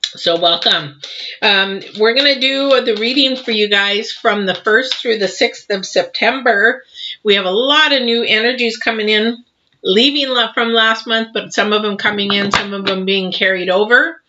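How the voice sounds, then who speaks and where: A woman's voice: medium pitch, moderate pace, pushed and bright, muffled recording, a little hiss or hum. Rambling woman reading tarot. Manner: chatty, rambling with many fillers. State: mouth full of cookie dough. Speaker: tarot reader.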